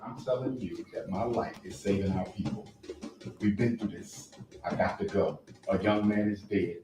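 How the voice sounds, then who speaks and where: An actor as an urgent, insistent activist husband. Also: male voice, lowish voice, moderate pace, far from the mic, music in the background, natural voice. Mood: firm. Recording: echoey room with background noise.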